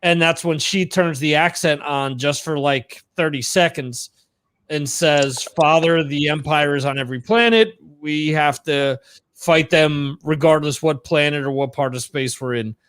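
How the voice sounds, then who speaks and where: A man co-hosting a podcast, chatting casually with frequent pauses and restarts. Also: on the high side, fairly bright tone, smooth, dry recording. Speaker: podcast co-host. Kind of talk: casual chat about TV shows. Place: home in Spain.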